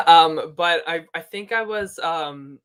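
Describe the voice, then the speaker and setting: A man in his thirties with a bright, forward voice talks casually on a podcast. He rambles easily through his stories and laughs at himself along the way. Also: fairly high pitch, slow, clean tone. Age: 30s. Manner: easygoing, rambling storyteller who laughs at himself. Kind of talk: casual chat.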